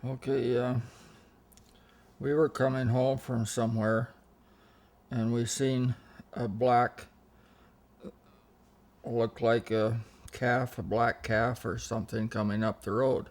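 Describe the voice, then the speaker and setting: A man's voice: medium pitch, little pitch movement, slow, pauses often. An older man telling rambling family anecdotes in a casual interview, often restarting his sentences and quoting what others said. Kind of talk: casual storytelling.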